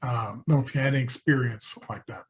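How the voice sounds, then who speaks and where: A man's voice: medium pitch, fairly even intonation, quick pace. A man hosting a podcast, asking a guest conversational questions. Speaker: podcast host. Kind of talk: casual interview.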